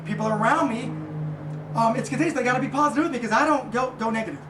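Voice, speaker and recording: A man giving a casual motivational monologue as a podcast host, rambling and halting with many fillers. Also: extremely high pitch, music in the background. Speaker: podcast host and small business owner. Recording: echoey room, distant mic, faint noise.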